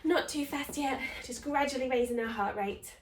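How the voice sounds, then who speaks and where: A woman's voice: sits high, normal speed. A woman leading a home workout at a chatty, encouraging pace, counting reps and getting out of breath as she exercises. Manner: breathless from exercising while talking. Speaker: fitness instructor. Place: home room. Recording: echoey room, voice from a distance.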